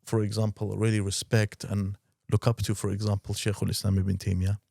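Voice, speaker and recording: A man hosting a podcast discussion, speaking in a measured, emphatic way. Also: fairly low pitch, flat delivery, gravelly, dark tone, no echo, clean studio sound. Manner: measured, emphatic, backchannels often. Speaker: podcast host.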